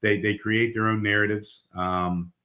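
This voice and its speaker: A man's voice: fairly low pitch, flat delivery, unhurried, bright, forceful tone, reverberant. A middle-aged man, a coach, talking bluntly in casual podcast chat, rambling with fillers and restarts. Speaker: basketball coach.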